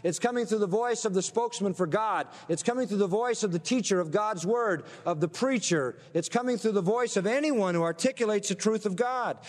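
A man preaching with a high-pitched voice and an emphatic delivery, pausing to quiz his listeners with rhetorical questions. His voice rings with a long reverb behind it. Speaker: pastor. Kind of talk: sermon.

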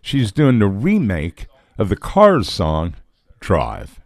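A man's voice: on the low side, huge pitch swings, slow, no room sound, studio quality. A man hosting a radio show, chatting casually between songs and laughing at himself. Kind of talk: casual on-air chat.

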